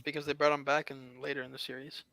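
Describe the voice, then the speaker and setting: A man's voice: mid-range voice, flat delivery, fast, gravelly, sharp tone. A man co-hosting a casual movie podcast, nitpicky, laughing often and stumbling over restarts. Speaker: podcast co-host.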